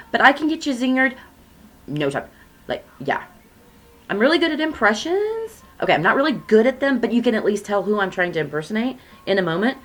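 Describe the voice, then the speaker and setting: Woman tarot reader, chatty and self-mocking, jumps from loud emphasis to quiet asides. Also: medium pitch. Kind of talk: casual spiritual reading chat.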